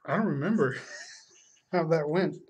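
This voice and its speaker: Laid-back husky-voiced man rambling. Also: on the high side, measured pace, highs cut off. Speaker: streamer. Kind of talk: casual chat while drawing on stream.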